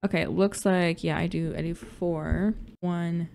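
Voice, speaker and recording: A woman's voice: lowish voice, fairly even intonation, measured pace, creaky, background noise. A young woman chatting casually and joking with viewers while playing a farming game. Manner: chatty, self-mocking, jokey asides to viewers. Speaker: let's play gamer. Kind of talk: casual gameplay commentary. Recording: loud background music. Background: music.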